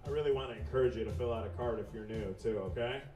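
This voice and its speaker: A man speaks quickly and casually at a live church service, joking with the room. He sounds a little off the mic in an echoey sanctuary, with music playing behind him. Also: medium pitch, recorded from a distance. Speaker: worship leader.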